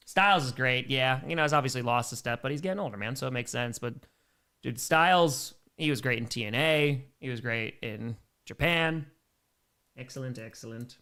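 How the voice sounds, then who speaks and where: A man's voice: mid-range voice, animated, brisk, sharp tone. A man giving casual play-by-play on a live stream, chatting with viewers and answering their donation messages between plays. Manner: plays called in a plain announcer tone.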